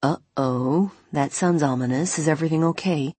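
A cheerful, lovesick American man, bright and eager, as a woman reads him. The husky voice is pitched a little up and pushed louder. The sound is dry and close. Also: moderate pace, no room sound.

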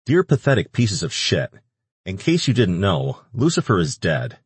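A man's voice: sits low, huge pitch swings, moderate pace, breathy edge, no echo, exaggerated voice. A man voicing a surly, foul-mouthed male demon king who curses and snaps irritably. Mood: scornful. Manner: crude, irritable and cursing.

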